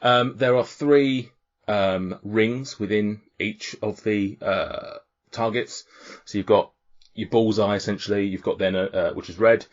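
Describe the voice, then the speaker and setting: Man running a tabletop game, low voice, rambling narration, dull lo-fi sound. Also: fairly even intonation, a little slow. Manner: rambling, with many fillers and restarts. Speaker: game master. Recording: dull lo-fi audio.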